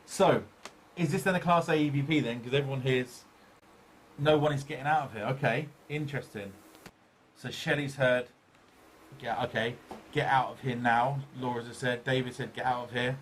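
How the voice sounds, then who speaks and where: An easygoing man hosts a live paranormal talk show, reading viewers' comments aloud in a loose, conversational way. He repeats himself often and laughs readily, with a quiet hum of room sound behind him. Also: mid-range voice, fairly even intonation. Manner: chatty, repeats phrases, quick to laugh.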